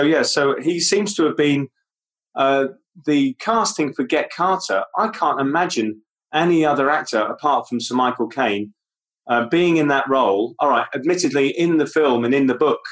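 A man's voice: mid-range voice, a bit bright, low-quality recording. A man co-hosting a podcast, talking casually about films in a rambling, self-deprecating way with plenty of ums and uhs. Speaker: podcast co-host. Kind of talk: casual film chat.

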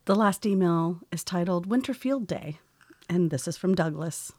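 A podcast co-host chatting casually, mostly chiming in briefly and reading out listener mail. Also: male voice, sits high, moderate pace, dry recording, studio quality. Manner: brief, relaxed agreement and reading. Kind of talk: casual chat.

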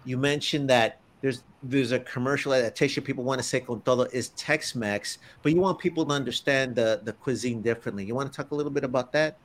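A man's voice: mid-range voice, fast talker, hardly any pauses. Enthusiastic man hosting an interview. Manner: enthusiastic, mixes Spanish words. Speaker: host. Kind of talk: conversational interview.

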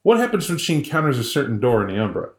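A man's voice: mid-range voice, rapid-fire, reverberant. Joking man retelling a story. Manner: animated, joking, full of voices. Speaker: podcast co-host. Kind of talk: casual storytelling chat.

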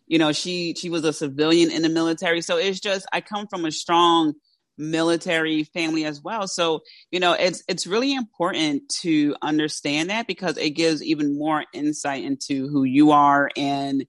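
A woman's voice: sits low, steady tone, moderate pace, no echo. Giggly woman with a South Philly accent. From South Philadelphia. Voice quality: slightly impeded speech from teeth brackets. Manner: giggly, chatty, lots of laughter. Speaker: podcast host. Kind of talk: casual interview chat.

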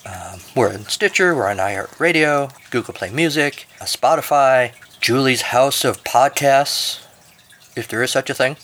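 A man's voice: medium pitch, unhurried, fairly bright tone. A man hosting a podcast, narrating a comic story and reading the outro with dry, jokey asides. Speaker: podcast host.

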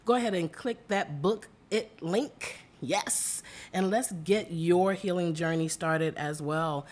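A woman hosting a podcast as a life coach, upbeat and chatty, her voice a little rough and hoarse from allergies. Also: on the low side, slow pace, darkish tone. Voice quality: slightly rough voice. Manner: upbeat, chatty, calls listeners "y'all" and "guys". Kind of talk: casual podcast chat. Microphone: studio mic.

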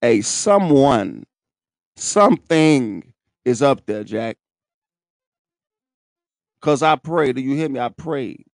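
A man telling his own story in casual, profane, animated talk, laughing and breaking into high shouts. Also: slow, pauses often, no echo, studio quality.

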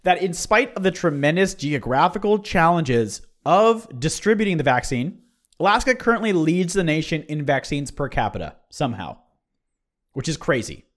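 A man co-hosting a podcast in a relaxed, rambling way, thinking out loud. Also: on the high side, moderate pace. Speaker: podcast co-host. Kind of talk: casual podcast chat.

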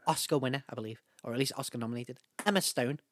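A man co-hosting a podcast in casual, jokey chat, often trailing off quietly. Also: mid-range voice, quick pace, no room sound, studio quality. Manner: jokey, trails off softly at ends of lines. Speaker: podcast co-host.

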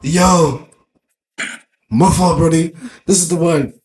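A young adult man hosting a casual podcast, telling animated stories, mimicking his friends and swearing a lot. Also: a little high, slow, crowd noise. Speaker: podcast host. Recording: echoey room, faint noise.

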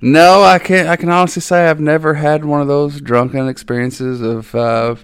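A man's voice: on the high side, level tone, normal speed, clear, resonant tone. A man who races cars, chatting as a guest in an easygoing, hesitant way. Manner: easygoing, hesitant, many restarts. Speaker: race car driver, podcast guest. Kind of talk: casual chat.

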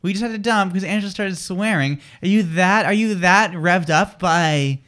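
A man co-hosting a live morning radio show in a studio, quick and exasperated, teasing his co-host. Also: high voice, a bit bright. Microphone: studio microphone with headphones.

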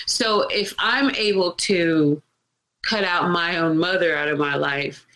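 A woman's voice: lowish voice, slow, rough recording. A woman hosting a casual podcast chat, telling stories with emphasis and acting out what other people said. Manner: animated storytelling, acts out quoted people; emphatic, repeats points. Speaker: podcast host.

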